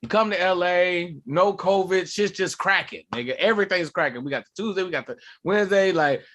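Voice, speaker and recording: A man, a comedian and podcast co-host, telling animated, profane stories in casual chat. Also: sits high, a little fast.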